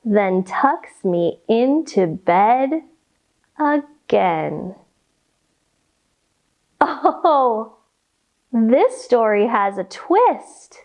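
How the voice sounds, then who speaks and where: A woman reading a picture book aloud and leading children through yoga poses in a slow, sing-song, animated way. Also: fairly high pitch. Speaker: kids' yoga teacher reading a story. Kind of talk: storytime yoga lesson for children.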